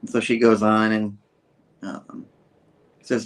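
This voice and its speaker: A man's voice: fairly low pitch, flat delivery, takes it slowly, pauses often. A man casually recapping a comic book story on his show, slipping into raised voices for the characters' lines.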